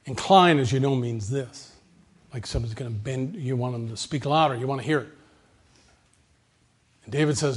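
A man's voice: medium pitch, moderate pace, long pauses. A man preaching a sermon with an emphatic, repetitive cadence. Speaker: pastor.

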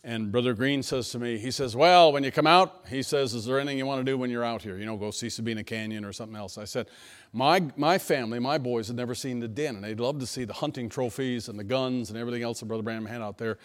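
A pastor preaching a sermon to his church, telling personal stories in a folksy manner that swings between hushed asides and emphatic lines. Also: mid-range voice, steady tone, fast. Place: church sanctuary.

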